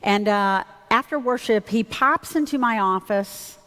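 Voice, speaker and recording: In a church sanctuary, a woman pastor preaches a sermon, candidly sharing a personal story in a conversational style full of fillers and self-corrections. Her voice is medium-pitched, measured and fairly bright, carried by the long reverb of the church hall.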